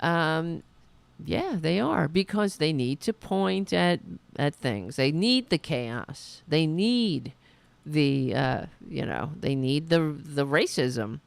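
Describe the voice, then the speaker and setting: A woman host delivers a political commentary rant with a heavily gravelly, fry-laden voice. She talks slowly and deliberately, with indignant, sarcastic jabs and plenty of profanity. The sound is dry and close, with no room around it. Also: low-pitched, expressive, dry recording. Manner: mocking quoted voices. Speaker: podcast host.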